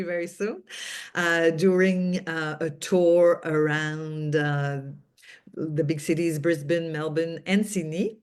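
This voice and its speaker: A woman with a low voice hosts the interview, asking long, winding questions. She hesitates often, restarting her sentences as she goes. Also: darkish tone. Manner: rambling, hesitant, many fillers and restarts. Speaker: interview host.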